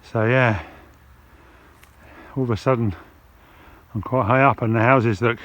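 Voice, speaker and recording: An English hiking vlogger chats casually to his camera while walking over hills, relaxed and thinking aloud with fillers, sometimes out of breath from the climb. His voice is medium in pitch and a little slow. The lo-fi recording sounds dull, with background music behind it.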